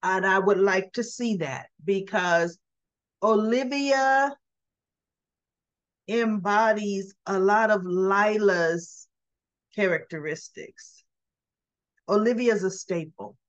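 A woman's voice: mid-range voice, slow pace, pauses often, lo-fi sound. A woman vlogger casually recapping soap opera scenes in a chatty, giggly way, acting out the characters' lines. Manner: chatty, giggly, acts out the quotes.

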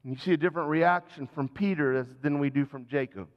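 High-voiced man preaching in a reverberant church. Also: fast, highs cut off. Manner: earnest, conversational preaching with direct questions to the congregation. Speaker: senior pastor. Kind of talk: sermon. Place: church sanctuary.

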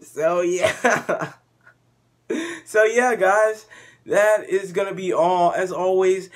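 A man's voice: sits high, steady tone, takes it slowly. A man making prank calls and chatting to his viewers in a slangy, laid-back drawl. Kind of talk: casual prank-call vlog.

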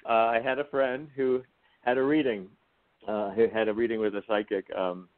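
A man speaks in a lowish voice down a thin, phone-like line. He is a guest in a radio interview, reflective and heartfelt, pausing and restarting as he gathers his thoughts. The call audio is narrow and boxy. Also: fairly even intonation. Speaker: guest actor and writer.

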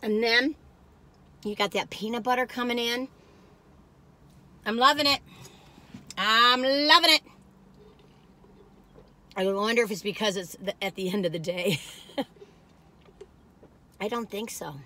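A woman's voice: mid-range voice, a little slow, long pauses, a bit bright. A middle-aged woman, chatting and rambling as she taste-tests food, gushing with frequent exclamations. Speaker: food reviewer. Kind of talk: casual chat while taste-testing.

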